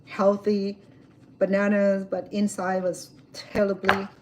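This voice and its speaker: A woman's voice: medium pitch, takes it slowly. Woman vlogger, chatty storyteller, cooking outside on a camera mic with faint noise behind. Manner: chatty, animated storytelling with fillers. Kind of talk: casual chat while cooking. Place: outdoors at a home grill.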